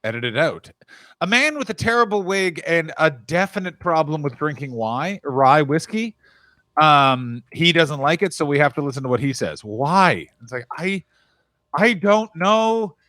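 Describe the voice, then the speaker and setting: A man's voice: a little high, lively intonation, normal speed, sharp tone, no room sound. A man co-hosting a comedy podcast, bantering in an incredulous, joking way. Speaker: podcast co-host. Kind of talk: casual comedy podcast chat.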